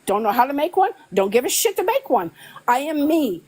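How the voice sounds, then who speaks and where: High-pitched woman, heated and stammering. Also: very animated, darkish tone, poor audio. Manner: emotional, rapid, repeats herself, stammers. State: congested, ears clogged after covid. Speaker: live stream guest. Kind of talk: heated argument on a live stream.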